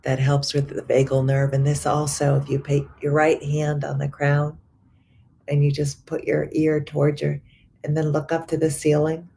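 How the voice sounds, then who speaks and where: A middle-aged woman life coach guiding affirmations and breathing in a slow, soothing way, with many repeated phrases. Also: deep voice, completely flat delivery, gravelly, dark tone, slight background noise. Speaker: life coach and yoga teacher.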